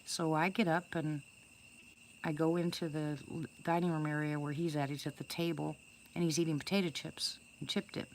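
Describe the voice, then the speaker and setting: Low-voiced older woman telling a chatty story. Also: little pitch movement, moderate pace, a little hiss or hum. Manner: chatty and rambling, with many restarts and fillers. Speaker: storyteller greeting live viewers. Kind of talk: casual first-person storytelling.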